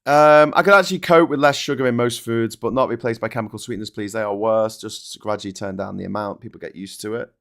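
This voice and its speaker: A man's voice: lowish voice, quick pace, gravelly, few pauses, fairly bright tone. A middle-aged man with a Scouse accent, hosting a casual live news chat, reading viewer comments aloud and ranting bluntly with plenty of swearing. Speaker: host.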